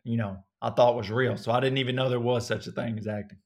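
A man in his thirties from North Alabama with a strong Southern accent, a guest telling relaxed, folksy stories in an interview. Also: mid-range voice, fast. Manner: relaxed, folksy storytelling with many fillers. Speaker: actor guest. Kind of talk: casual interview.

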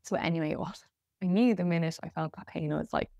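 Speaking quickly in a lowish, slightly mellow voice, an Irish podcast host shares a personal story in a frank, meandering way, often restarting and using fillers. The audio is clean studio sound without any room tone.

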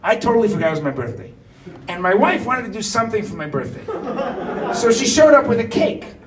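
High-voiced fifty-year-old man telling a story. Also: sing-song, brisk, distant mic, a little hiss or hum. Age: 50s. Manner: chatty, keeps asking "right?". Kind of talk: personal anecdote told to listeners.

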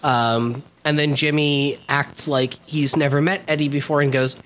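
A podcast co-host recapping a TV episode in a relaxed, wry, casual chat. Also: mid-range voice, moderate pace.

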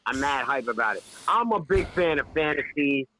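A man co-hosting a casual podcast, talking in excitable slang with frequent restarts. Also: medium pitch, normal speed, low-quality recording. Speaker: podcast co-host.

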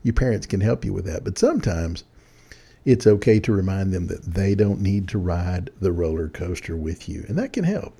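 An older man giving friendly, animated advice to young people in a folksy storytelling manner. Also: low voice, moderate pace, gravelly, husky. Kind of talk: casual talk.

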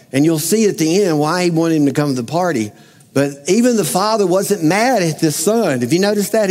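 A man's voice: fairly high pitch, darkish tone, big-room sound. A man preaching a sermon to a congregation in a conversational way, asking them direct questions. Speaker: pastor.

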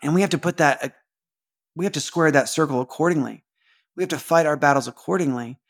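A man's voice: fairly high pitch, fast talker, a bit bright. A man hosting a casual devotional podcast, talking earnestly, repeating phrases and asking rhetorical questions. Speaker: podcast host.

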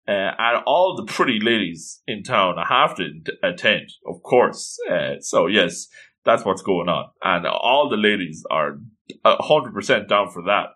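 A playful man recapping an episode of a cartoon, chatty and full of asides. His voice is bright, and his pitch leaps around a lot. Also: sing-song, measured pace. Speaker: anime recap host.

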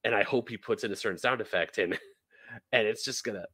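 Low-voiced man in dry podcast chat. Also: sharp tone, slightly rough, no room sound. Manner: enthusiastic, halting, restarts sentences. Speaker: podcast co-host. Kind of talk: casual chat on a live-streamed podcast.

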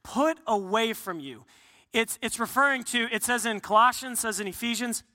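A man preaches a sermon in a high, piercingly bright voice. He talks earnestly, restarts his phrases and acts out quotes. His voice rings with long reverb from a large hall. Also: normal speed. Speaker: pastor.

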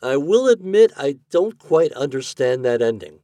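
A man hosting a podcast, reading classic fiction aloud in a measured, expressive way. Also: medium pitch, no room sound, soft background music. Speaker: podcast host and reader.

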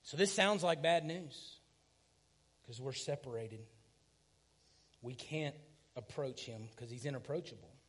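A man, preaching a sermon, swinging from loud emphatic passages to hushed near-whispers. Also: mid-range voice, unhurried, pauses often, slightly rough. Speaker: pastor.

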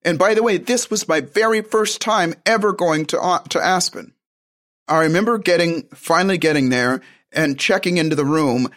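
A man with a fairly high speaking voice tells a long personal story in a relaxed, conversational way. He rambles, restarts his sentences and keeps breaking off for side remarks. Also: normal speed. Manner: rambling, with frequent restarts and asides. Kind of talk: casual spoken storytelling.

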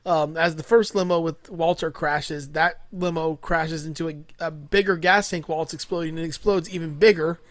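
Male podcast host, higher voice, crude casual recap, dry close sound. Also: fairly even intonation, moderate pace, few pauses, dry recording. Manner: crude, laughing, full of fillers.

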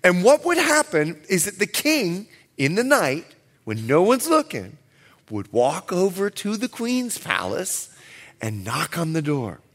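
Animated, playful high-voiced preacher. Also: male voice, unhurried. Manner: animated, playful, acts out scenes. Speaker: pastor. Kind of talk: sermon. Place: church service.

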